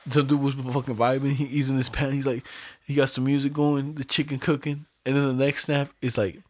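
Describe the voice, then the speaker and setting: A man's voice: mid-range voice, level tone, a little fast, no echo. A young man in casual podcast chat, slangy and joking, laughing often as he tells stories.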